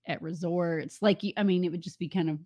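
A woman's voice: lowish voice, fairly even intonation, a little mellow. A woman, co-hosting a podcast in casual, teasing chat. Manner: teasing, chatty, quick to laugh. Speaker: podcast co-host.

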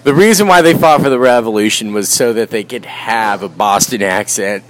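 A man's voice: on the low side, moderate pace. A man co-hosting a podcast in casual banter, riffing jokes and talking sports. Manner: joking, riffing, sports-fan talk.

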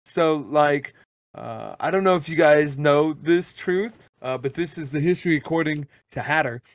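Animated, ranting married man, dry mic. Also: fairly high pitch, normal speed, no room sound. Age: adult, married. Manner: animated, ranting, swears freely. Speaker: podcast co-host. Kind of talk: casual podcast banter.

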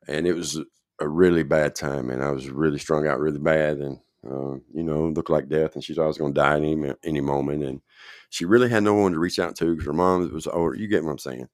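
A man's voice: very deep voice, fairly even intonation, fairly quick, no room sound, clean studio sound. A man telling his own recovery story in a casual, rambling way, often checking in with the listener.

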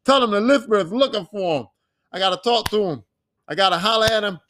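A man's voice: sits high, animated, fast talker, pushed and bright, slight background noise. A young man hosting his own podcast, talking in a loose, rambling and profane way, with boastful asides. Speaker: podcast host. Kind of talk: casual solo podcast monologue.

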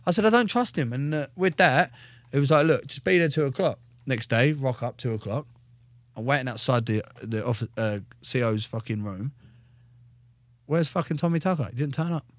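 Man, blunt, sweary, animated storytelling, dry close mic. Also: mid-range voice, moderate pace, no room sound. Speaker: guest, former soldier. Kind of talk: casual podcast storytelling.

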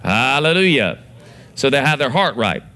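Bright-voiced preacher man. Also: moderate pace. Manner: preaching with acted-out prayers and quotes, animated pitch swings. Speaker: pastor. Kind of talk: sermon.

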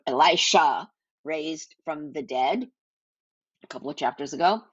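Low husky woman teaching scripture. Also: no room sound, muffled recording. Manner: earnest, reads scripture aloud with small slips. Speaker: Bible teacher. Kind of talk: Bible reading and devotional teaching.

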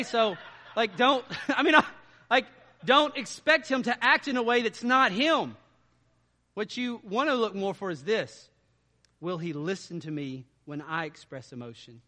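Male pastor, high and forceful tone, conversational sermon delivery, reverberant church hall. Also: moderate pace. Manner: conversational, swings between quiet asides and loud emphatic stretches.

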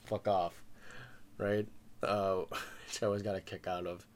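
Laid-back, low-voiced man swapping stories. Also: level tone, moderate pace, slight background noise. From Philippines. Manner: loose and profane, heavy filler words, laughs often. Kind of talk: casual chat.

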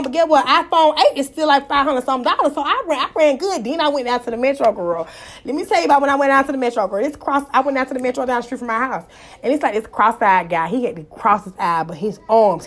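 A young woman telling a casual, animated and profane storytime to her viewers, with loud exclamations of praise. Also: high-pitched. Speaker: vlogger.

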